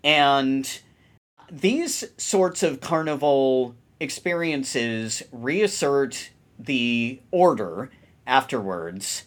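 A man's voice: mid-range voice, fairly bright tone. A man co-hosting a podcast and explaining ideas in a thoughtful, casual way. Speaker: podcast co-host. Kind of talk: casual chat.

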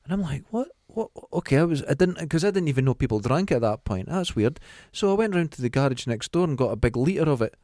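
A middle-aged Scottish man chats on a podcast with a lively, swooping delivery. He acts out what other people said in a raised voice. The sound is dry and close, with no room around it. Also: a little high, fast, hardly any pauses, no echo. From Scotland. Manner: animated storytelling, acts out quotes in a raised voice. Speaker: podcast co-host. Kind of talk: casual chat.

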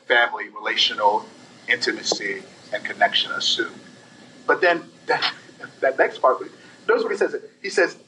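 A young man delivers a sermon with a high, light voice, talking to the congregation like friends, with casual slang and quick acted-out asides. He sounds set back from the microphone, a little distant in the room. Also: slight background noise. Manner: animated, conversational preaching with slang and acted asides. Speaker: pastor.

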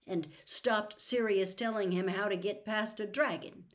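Woman reading a chapter book out loud, soft voice, whispers the tense bits. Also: medium pitch, measured pace, few pauses. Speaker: audiobook reader. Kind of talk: storybook read-aloud.

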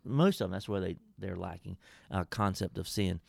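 A man's voice: low voice, normal speed, creaky, no echo, clean studio sound. A man, a pastor co-hosting a casual Bible-study chat, emphatic and folksy with preacherly asides.

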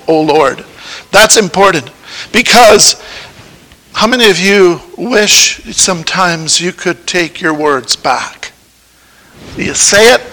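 A man's voice: high voice, bright, forceful tone, rough recording. A man giving a children's sermon in church, playfully coaxing the kids with questions. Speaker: preacher giving a children's lesson.

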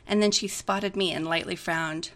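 A woman's voice: lowish voice, steady tone, normal speed, fairly bright tone. A woman reading a romantic comedy aloud in a chatty way, giggling often between lines. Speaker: story reader.

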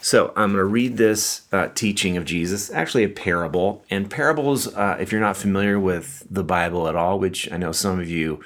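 A man's voice: sits low, brisk, few pauses, a bit bright. A man preaching a sermon in a conversational way, reading scripture and explaining it with asides. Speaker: pastor.

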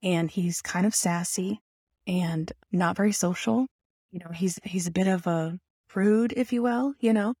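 A woman telling a personal story in an animated, self-mocking way, full of rambling asides. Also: medium pitch, no room sound, clean studio sound.

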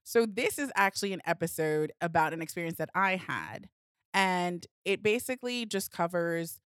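A young woman co-hosts a casual podcast and tells a personal story in a sassy, animated way, often stopping to restart her sentences. Her voice sits on the low side. The sound is dry and close, with almost no room echo. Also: normal speed, smooth. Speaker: podcast co-host.

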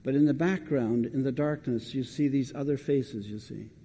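A man's voice: medium pitch, moderate pace, dark tone, in a large hall. A man preaching a sermon, talking conversationally and putting questions straight to the congregation.

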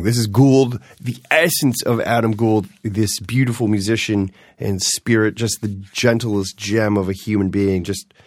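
A man hosting a podcast in a casual, rambling monologue, animated and swearing freely as he jumps between topics. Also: mid-range voice, no room sound, clean studio sound. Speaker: podcast host.

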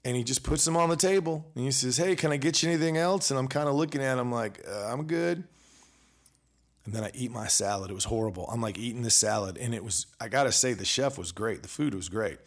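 Man, podcast host, casual storytelling, animated, mid-pitched voice, conversational. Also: quick pace, hardly any pauses. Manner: animated, conversational, acts out both sides of exchanges.

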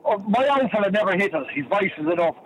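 A man's voice: sits high, quick pace, fairly bright tone, slight background noise, poor audio. A man on a radio chat, telling jokey anecdotes.

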